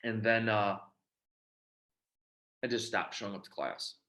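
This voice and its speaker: Bright-voiced man telling his recovery story. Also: lowish voice, unhurried. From Michigan. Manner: storytelling, acts out quoted dialogue. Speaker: recovery speaker. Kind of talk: personal testimony talk.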